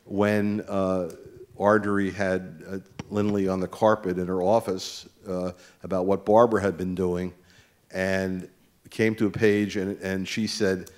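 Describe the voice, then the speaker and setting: A man's voice: sits low, little pitch movement, unhurried. A man from New Jersey speaking from the audience at a book event, earnest and rambling, with many fillers. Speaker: audience member.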